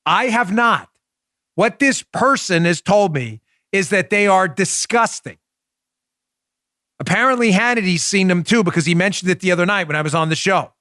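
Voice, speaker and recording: A man's voice: sits high, normal speed, bright, forceful tone, dry recording, studio quality. A man hosting a political talk show, delivering an indignant, mocking monologue. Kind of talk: opinionated monologue.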